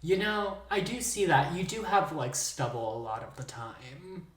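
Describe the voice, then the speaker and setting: A man's voice: a little high, unhurried, a bit bright, echoey room, a little hiss or hum. A man co-hosting a podcast, chatting casually and slipping into theatrical storytelling with teasing humor. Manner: playful, teasing, theatrical narration. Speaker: podcast co-host. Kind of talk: casual chat with dramatic storytelling.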